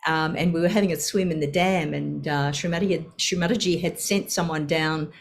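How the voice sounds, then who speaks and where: A woman's voice: low-pitched, fairly quick, vocal fry. An older woman sharing a personal story, laughing often and acting out the voices in her quotes.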